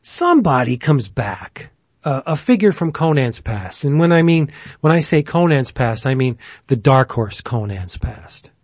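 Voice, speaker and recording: A man's voice: medium pitch, big pitch swings, a little slow, no room sound. A man hosting a casual chat who rambles enthusiastically, with plenty of fillers. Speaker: podcast host.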